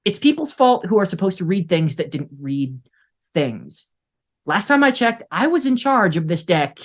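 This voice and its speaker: A man's voice: big pitch swings, brisk, dark tone. A man voicing a fussy, irate ship doctor in charge of a deck, sputtering with indignation. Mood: indignant. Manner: indignant, sputtering, high-pitched complaints.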